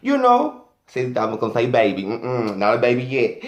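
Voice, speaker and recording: A man's voice: medium pitch, wildly swooping pitch, moderate pace, roomy sound. A man doing a sassy, flamboyant, profane comic rant as a vlogger.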